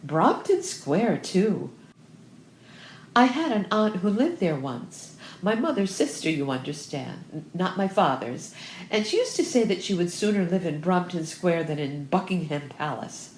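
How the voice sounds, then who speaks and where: A woman's voice: on the low side, big pitch swings, a little slow, a little hiss or hum. Woman doing rambling emphatic old country lady. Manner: rambling, emphatic, breathless digressions. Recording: roomy echo.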